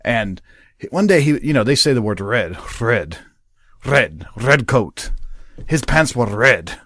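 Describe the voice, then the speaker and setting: American man, radio host, lively pitch, dry close sound, casual banter. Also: moderate pace, no echo. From United States. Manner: animated, laughing, rambling storyteller. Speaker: podcast host.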